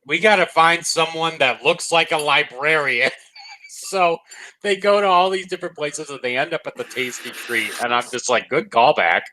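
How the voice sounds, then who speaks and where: A man with a bright, forceful tone and a slightly higher voice than most men talks casually as a review co-host. He laughs easily and slips into quick quoted lines when he retells scenes. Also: lively intonation, poor audio. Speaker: co-host of a cartoon review show.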